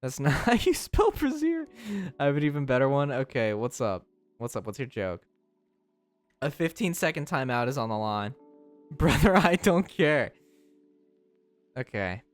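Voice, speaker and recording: Giggly young man streamer, lively pitch. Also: moderate pace, pauses often, clean tone, faint music behind. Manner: giggly, teasing, breaks into high squealing laughs. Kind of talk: casual chat reading live chat.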